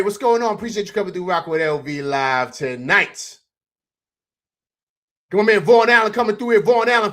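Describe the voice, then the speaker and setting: Animated man talking sports, lively pitch. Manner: excited, animated, repeats "man" and "you know what I'm saying". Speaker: host of a postgame livestream. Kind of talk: casual sports commentary over highlights.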